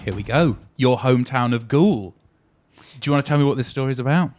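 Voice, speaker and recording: A man's voice: medium pitch, quick pace, a little mellow, soft background music. A man hosting a podcast, chatting casually with dry, wry jokes. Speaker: podcast host. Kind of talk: casual chat.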